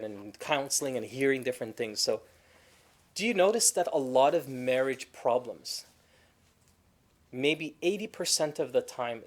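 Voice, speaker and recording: A man teaching a Quran class in a conversational way, telling stories with animated quoted voices and reciting Arabic verses quickly. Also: medium pitch. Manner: animated storytelling, acting out quoted spouses.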